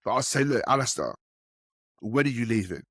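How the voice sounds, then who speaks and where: Speaking fairly quickly, the man relates enterprise sales anecdotes in a laid-back podcast, animatedly performing the quoted voices with raised pitch. The audio is studio quality with no room sound.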